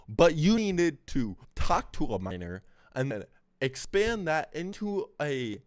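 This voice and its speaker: A man streaming a reaction, angrily breaking down a clip and swearing constantly as he rants. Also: on the high side. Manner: angry, swears heavily, talks over the clip. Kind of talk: profane live reaction commentary.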